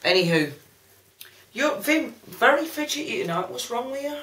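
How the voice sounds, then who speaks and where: A woman's voice: a little high, expressive, moderate pace, a bit bright, far from the mic. A woman, trading sarcastic, teasing banter in a casual chat. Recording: roomy sound from off the mic.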